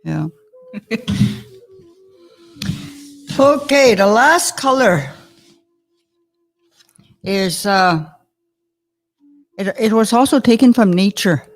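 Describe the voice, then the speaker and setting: A woman leads a patient vocabulary lesson, drawing each word out at a very slow, deliberate pace. Her voice sits at a middle pitch, chatty and given to easy chuckles, with faint music in the background. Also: lively intonation. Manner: warm and chatty, often chuckling, sounds out words slowly. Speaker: language teacher.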